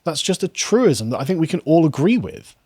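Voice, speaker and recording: Man, political commentator, measured delivery, dry close sound, slightly raised pitch. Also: very animated, darkish tone, husky, no echo. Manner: measured, reads quoted passages aloud with pointed asides. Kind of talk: commentary reading from articles.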